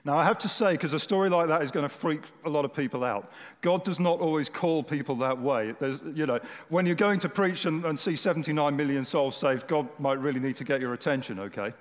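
A man's voice: on the high side, brisk. A man preaching a sermon to a large congregation in a conversational, humorous way. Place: church hall with a large audience. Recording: echoey hall.

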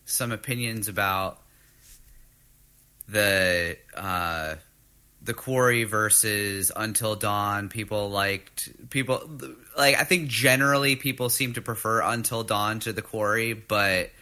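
Dude chatting games, lowish voice, super bright sharp tone, lots of restarts. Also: male voice, takes it slowly. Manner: easygoing, hesitant restarts. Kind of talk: casual chat about video games.

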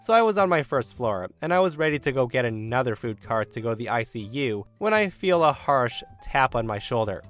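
A man reading a Reddit story aloud and acting out the quoted lines with an animated delivery. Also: medium pitch, fairly quick, hardly any pauses, soft background music.

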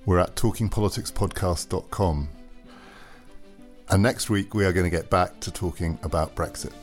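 Casting: deep-voiced man, podcast host, thoughtful conversational delivery, soft music underneath. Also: moderate pace. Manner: reflective, conversational. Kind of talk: political discussion podcast.

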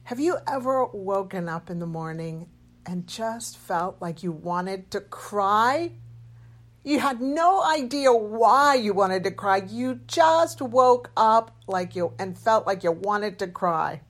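This is a middle-aged woman hosting a podcast and sharing a personal story, with the openness and earnest warmth of a doctor talking to her listeners. Her voice sits at an ordinary middle pitch and moves through lively, expressive swings. She sounds candid and heartfelt throughout. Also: slow pace. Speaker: podcast host and medical doctor.

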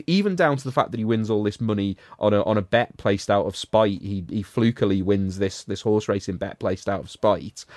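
A man's voice: on the low side, a little mellow, no room sound, clean studio sound. A man hosting a podcast, giving a sardonic, rambling recap of a film in casual chat. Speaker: podcast host reviewing a film.

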